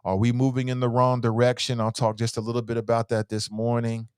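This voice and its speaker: A man's voice: mid-range voice, completely flat delivery, a little fast, a little mellow, smooth, no room sound, studio quality. A middle-aged man hosting a casual morning talk show, rambling along and repeating phrases for emphasis. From Cincinnati. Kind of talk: casual live-stream talk.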